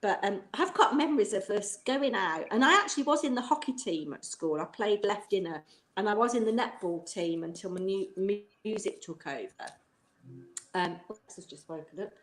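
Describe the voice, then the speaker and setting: A middle-aged woman rambles cheerfully through a stream chat, breaking into laughter often. Her voice sits at an ordinary pitch, and a noticeable room echo surrounds it on the video call. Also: lively intonation, moderate pace, a bit bright. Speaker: guest, former teacher. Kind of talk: casual chat on a live stream. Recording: roomy echo.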